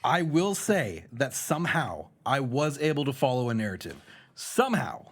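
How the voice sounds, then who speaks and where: A man co-hosting a podcast about bad movies, chatting in a relaxed, dry way with short agreeing replies. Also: mid-range voice, normal speed, very noisy. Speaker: podcast co-host.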